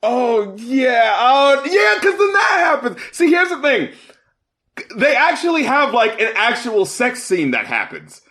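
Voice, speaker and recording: A man co-hosting a podcast in casual chat, heated and profane, his voice climbing into shouts when angry. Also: very high-pitched, big pitch swings, a little slow. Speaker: podcast co-host.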